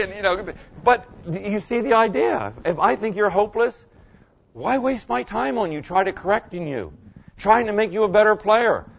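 A man's voice: sits high, gravelly, fairly bright tone, husky, dull audio. An older male pastor giving a folksy, conversational sermon, often checking in with his listeners. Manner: folksy, conversational preaching, asks the audience "okay?" often.

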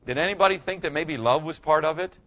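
A man's voice: a little high, quick pace, pushed and bright, dull audio. An older male pastor giving a folksy, conversational sermon, often checking in with his listeners. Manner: folksy, conversational preaching, asks the audience "okay?" often.

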